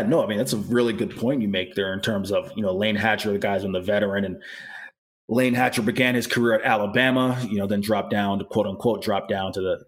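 A man hosting a casual college football talk show, chatting through scores and stats with quick asides and self-corrections. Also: on the low side, slightly rough. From Florida. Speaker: sports talk host.

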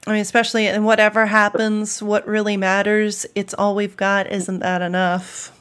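A woman's voice: mid-range voice, completely flat delivery, moderate pace, fairly bright tone, a little hiss or hum. A woman on a podcast, chatting casually and reflecting on her memories of a song, with some hesitations. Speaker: podcast co-host or guest.

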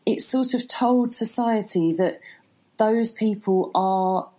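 A woman talks in relaxed conversation and hedges her points with fillers. Her voice sits at a middle pitch. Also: slow pace. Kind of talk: casual chat.

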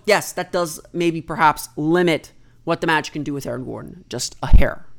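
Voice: medium pitch, creaky, fairly bright tone. A basketball analyst giving solo sports commentary, explaining trade rules in an explanatory, think-aloud way and stating opinions firmly.

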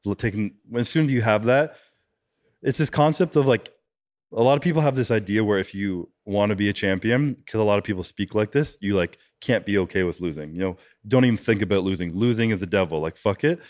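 A man with a very low voice speaks quickly and loosely, filling every thought with "like" and dropping curse words as he goes. The sound is close and dry, with no room around it, as in a podcast studio. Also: no echo. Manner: rambling, fillers of "like", frequent swearing. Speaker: podcast guest, bodybuilding competitor. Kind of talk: casual podcast conversation.

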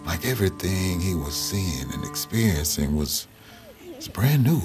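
A man's voice: low-pitched, very animated, a little slow, over music. A man with a Southern US accent playing a freed father who narrates his family's story in a reflective audio drama voice.

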